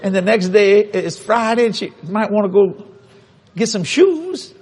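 Brief: husky male preacher, lively storytelling sermon, fairly high voice. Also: a little slow. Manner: animated, humorous, acts out dialogue.

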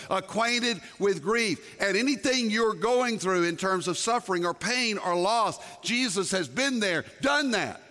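A man preaching a sermon, emphatic, dropping to soft low asides and rising to lifted exclamations. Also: big-room sound. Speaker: pastor.

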